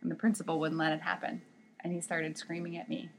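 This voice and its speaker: A woman with a somewhat low voice tells stories from her work as a sign language interpreter. She is animated and emphatic, often restarting her sentences as she goes. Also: fast talker, creaky, husky.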